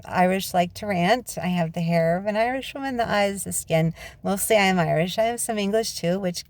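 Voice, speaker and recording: A woman rambles and rants into a handheld phone camera from her parked car. Her voice sits at an ordinary middle pitch and sounds close and dry, with no room echo. She digresses freely and laughs often. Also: a little fast, a little mellow. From United States. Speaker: vlogger and author. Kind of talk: rambling casual monologue.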